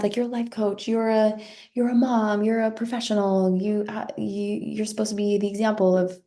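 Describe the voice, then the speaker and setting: A woman's voice: a little high, steady tone, normal speed, warm tone. A woman in her thirties, a life coach and podcast host, giving an earnest motivational talk, often repeating words and tagging thoughts with a rhetorical "right?".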